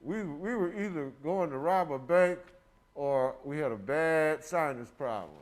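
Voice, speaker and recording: A man's voice: a little high, expressive, a little slow. A man in his sixties hosting a casual show, rambling and joking with frequent laughs. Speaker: host. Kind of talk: casual chat.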